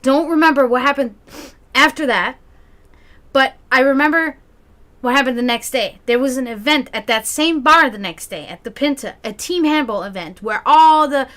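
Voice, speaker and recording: An adult woman who hosts community gatherings tells a long family story about growing up with her brother, speaking casually and swearing. She animatedly acts out the people she quotes and laughs often, in a high-pitched voice at normal speed.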